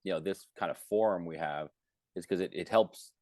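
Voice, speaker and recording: A man's voice: low-pitched, a little fast, darkish tone, no echo. A man co-hosting a podcast chat, talking thoughtfully with frequent halts and restarts. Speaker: podcast co-host.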